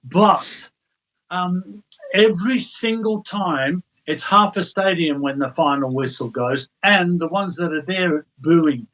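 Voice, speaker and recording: Exasperated man, slightly high voice. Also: slow pace, a bit bright, rough recording. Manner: exasperated, blunt. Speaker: guest pundit. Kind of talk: casual sports radio chat.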